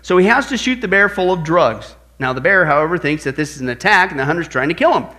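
A fast-talking pastor gives a sermon-style apologetics lesson, animated and shifting between quiet, low storytelling and loud quoted exclamations.

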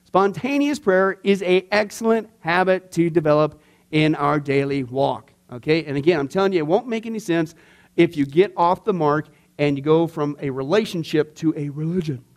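A man, a pastor, teaching a discipleship class in a chatty, animated way, full of asides and fillers. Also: a little high, moderate pace.

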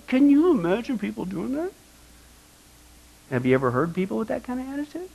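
A man's voice: very high-pitched, very animated, brisk, gravelly, pauses often, darkish tone, breathy edge, low-quality recording. A male pastor preaching a sermon, asking the congregation rhetorical questions and acting out the complaints of the people he quotes.

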